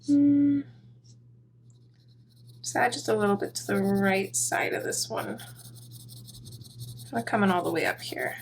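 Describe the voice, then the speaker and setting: A soft-spoken woman guiding a coloring session step by step, her voice sitting at an ordinary middle pitch. She chats casually and pokes fun at herself as she works, with a faint hiss of room noise underneath. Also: animated, measured pace, creaky, pauses often. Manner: soft-spoken, chatty, self-deprecating asides. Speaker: coloring tutorial host. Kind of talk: relaxed step-by-step coloring instruction.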